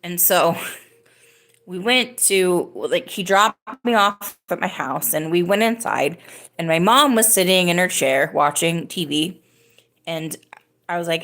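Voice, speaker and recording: Woman podcast host, thirties, casual storytelling, rambling, full of fillers, low-ish voice. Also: a little slow, fairly bright tone. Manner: rambling, many fillers and restarts.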